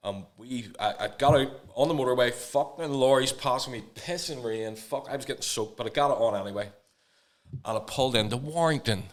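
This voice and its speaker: Fast-talking, swearing man. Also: medium pitch. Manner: blunt, swears a lot. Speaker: podcast co-host. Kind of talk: casual storytelling chat.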